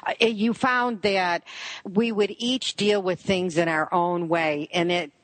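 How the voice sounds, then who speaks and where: A woman's voice: on the low side, fairly even intonation, slow, no echo, poor audio. An older woman from Buffalo with a Western New York accent, an author chatting candidly and self-deprecatingly in an interview. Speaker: author guest. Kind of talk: casual interview chat.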